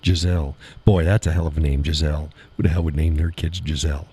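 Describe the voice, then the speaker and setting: A man's voice: very deep voice, fairly even intonation, quick pace, dark tone, slightly rough. A man hosting a live show who chats casually and reads out audience comments, rambling and chuckling often. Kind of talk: casual chat reading audience chat.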